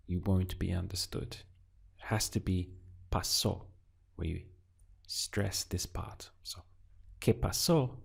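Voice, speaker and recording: A man teaching beginner Spanish in a slow, patient lesson, prompting the listener and pausing for answers. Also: sits low, vocal fry, husky. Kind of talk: audio language lesson.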